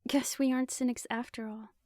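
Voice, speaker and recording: A woman voicing a young woman leader who is affectionate, teasing and commanding, in a lifted, bright voice, for a dry, close-miked audiobook reading. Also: steady tone, brisk, no echo, natural voice. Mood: warm, musing. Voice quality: higher, bright put-on voice.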